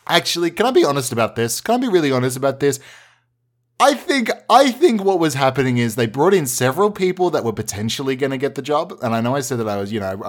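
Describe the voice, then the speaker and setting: A man spins an improvised comic tale as a podcast host. He rambles, doubles back and restarts, then drops into mock-serious asides. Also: mid-range voice.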